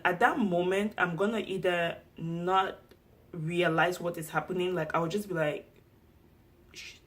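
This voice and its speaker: A young woman from Cameroon with a Cameroonian accent, telling a storytime vlog in an animated, expressive way. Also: on the low side. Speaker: vlogger.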